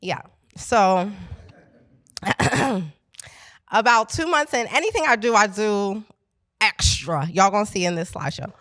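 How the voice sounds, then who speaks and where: Woman, middle-aged, founder giving an event talk, lively storytelling, talks to the crowd, medium pitch, dry sound. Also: measured pace, pauses often, no echo. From Pennsylvania, USA. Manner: animated, chatty, addresses the crowd directly. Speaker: business founder speaking at an event. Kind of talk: storytelling talk to a live audience. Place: event space at a coworking venue.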